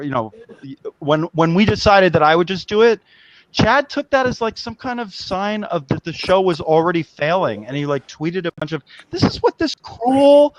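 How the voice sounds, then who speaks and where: Rambling man hosting a lo-fi stream. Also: a little high. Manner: rambling, agitated, swears a lot. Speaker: host of a live web show. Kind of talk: casual live-stream chat.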